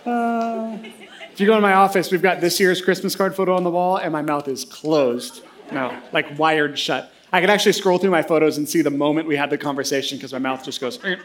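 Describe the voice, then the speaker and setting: A man in his thirties preaching a sermon, telling a self-deprecating funny story in an animated way. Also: a little high, a little fast. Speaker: pastor.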